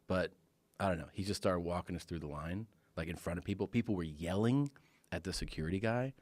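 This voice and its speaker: Deep-voiced man telling a story. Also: fairly quick, no echo. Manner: animated storyteller, acts out quotes in raised voices. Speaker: podcast guest. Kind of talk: casual storytelling chat.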